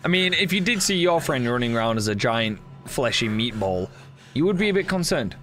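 A man streamer giving casual commentary while playing a horror game, excitable, swearing often and chatting with his viewers. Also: medium pitch, a little fast, soft background music.

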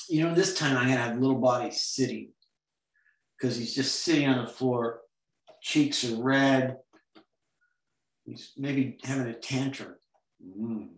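A man leads a comics drawing class over a video call, chatting as he draws and throwing in silly sound effects. His voice sits at a middle pitch. The room around him sounds echoey. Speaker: comics workshop teacher. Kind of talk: online drawing lesson.

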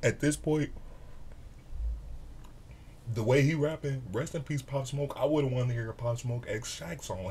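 A man hosting a reaction video, excitable and animated, swearing freely as he comments. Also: mid-range voice, measured pace, long pauses, a little hiss or hum.

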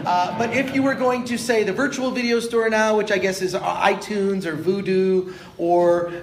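A man's voice: high voice, fairly even intonation, normal speed, reverberant, slight background noise. A man hosting a live podcast panel on a convention stage, talking eagerly and rambling with many restarts. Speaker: podcast host.

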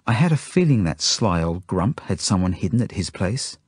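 A man voicing a kind-hearted but stern woman who looks after children, speaking higher and more slowly than his narration. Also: sing-song, darkish tone, husky, no room sound, studio quality, exaggerated voice. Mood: gentle. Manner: sterner and slower, pitched up.

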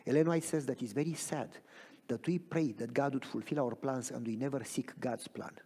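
A man preaching a sermon in a church, dramatic, swinging from loud cries to near whispers and asking the congregation if they follow him. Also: mid-range voice, normal speed, slightly rough. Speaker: pastor. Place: church sanctuary. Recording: long reverb of a church hall.

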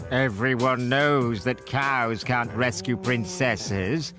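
A gentle, expressive storyteller narrating a children's cartoon story. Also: mid-range voice, unhurried. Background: music.

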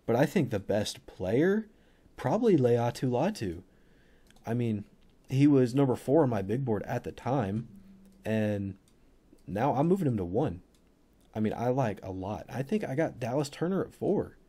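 A man's voice: fairly low pitch, mellow. A man giving a casual, rambling screen-share breakdown of football prospects, full of fillers and offhand asides. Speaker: football draft analyst.

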